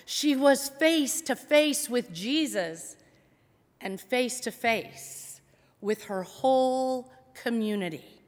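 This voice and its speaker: A woman pastor delivers a sermon in a slow, deliberate storytelling manner with dramatic pauses. Her voice rings with a long reverb through a church sanctuary. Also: on the high side, expressive.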